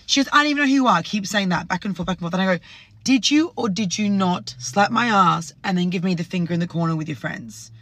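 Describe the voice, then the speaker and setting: A woman's voice: on the low side, fairly quick, a bit bright, no room sound. A woman telling a story to camera, indignant, swearing and acting out what people said. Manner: indignant, swearing, acts out quotes. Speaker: public figure telling a story.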